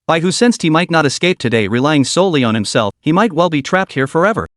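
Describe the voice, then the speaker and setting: Lively man narrating a comic recap. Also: on the high side, quick pace, dry recording, clean studio sound. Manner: steady dramatic storytelling.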